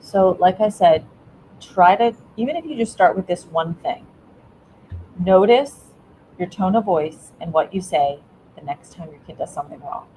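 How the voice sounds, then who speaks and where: A middle-aged woman educator, appearing as a guest, answers interview questions with earnest parenting advice in a warm coaching tone, often restarting her words. Her lowish voice has lively intonation and a moderate pace, on a rough recording with a little hiss or hum.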